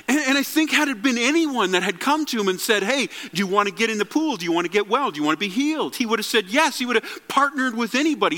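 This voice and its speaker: A man's voice: high-pitched, pushed and bright. A man preaching a sermon in earnest, often restarting his phrases as he goes. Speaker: pastor. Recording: long reverb of a large hall.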